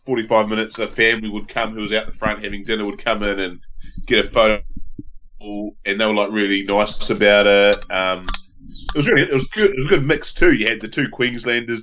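A man's voice: fairly low pitch, fairly even intonation, fairly quick, a bit bright, lo-fi sound, a little hiss or hum. An Australian man telling a rambling story on a casual sports podcast, laughing now and then. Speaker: podcast co-host.

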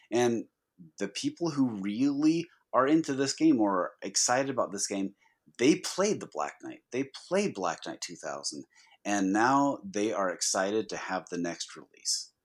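A man co-hosting a casual podcast about pinball, talking in an animated, chatty way with frequent fillers. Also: on the low side, measured pace. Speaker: podcast co-host. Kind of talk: casual chat.

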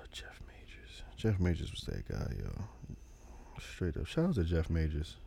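A man co-hosting a casual podcast chat, teasing his partner and breaking into loud laughter. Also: a bass voice, wildly swooping pitch, moderate pace, gravelly, slight background noise. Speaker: podcast co-host.

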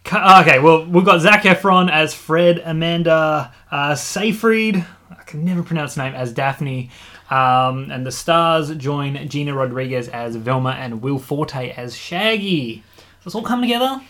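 A man's voice: a little high, measured pace, bright, forceful tone. A man co-hosting a podcast, chatting casually about film news, often hedging, trailing off and laughing. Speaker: podcast co-host.

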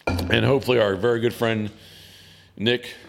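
A man hosts a relaxed podcast, talking in a loose, rambling way with frequent restarts. His voice sits somewhat low. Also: normal speed, creaky, faint music behind. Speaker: podcast host and hunting guide. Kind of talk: casual chat.

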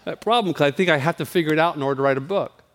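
Chatty pastor in a reverberant hall. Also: male voice, on the high side, racing, fairly bright tone, a little hiss or hum. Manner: candid, self-deprecating, chatty with frequent restarts. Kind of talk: informal sermon.

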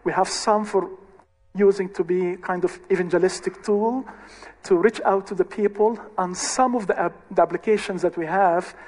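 A man's voice: high voice, a little mellow. A man who leads a ministry, recounting a conversion story in short, earnest phrases. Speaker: ministry leader. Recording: long hall reverb.

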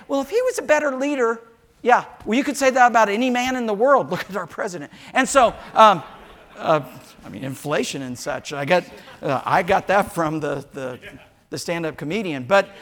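An older man, a pastor preaching a sermon in church, telling homespun stories and joking with the congregation. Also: sits high. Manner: animated storytelling with asides to the congregation. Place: church sanctuary.

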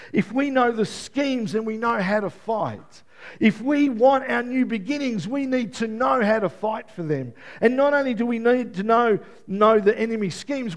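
A man preaching a sermon to a church congregation and listeners at home, swinging from loud exclaiming to a quiet, prayerful tone. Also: very high voice. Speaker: pastor.

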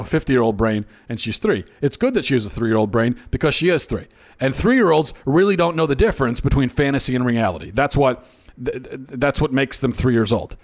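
A man in his thirties hosting an opinion monologue, exasperated and often stammering and restarting his sentences. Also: mid-range voice. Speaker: host.

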